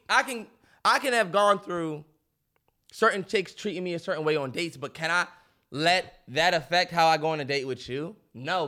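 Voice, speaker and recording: A man's voice: high voice, pushed and bright. A man co-hosting a podcast, arguing emphatically and exasperated in heated debate, losing his voice. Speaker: podcast co-host.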